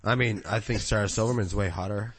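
A man's voice: fairly low pitch, fairly even intonation, fairly quick, breathy edge, no echo. A man hosting a podcast, joking and laughing often in crude casual banter. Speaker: podcast host.

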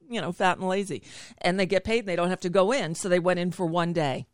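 A woman's voice: lowish voice, fairly even intonation, brisk, clean tone, no room sound, clean studio sound. Chatty woman hosting a talk show. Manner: chatty, digressive, laughs often. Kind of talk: casual chat over video call. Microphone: video call setup.

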